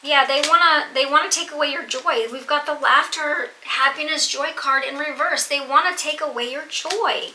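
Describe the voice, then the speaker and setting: A woman's voice: high voice, normal speed, bright, forceful tone. A woman giving a tarot reading to her viewers, earnest and emphatic, repeating phrases for stress. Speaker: tarot reader. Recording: echoey room with faint noise.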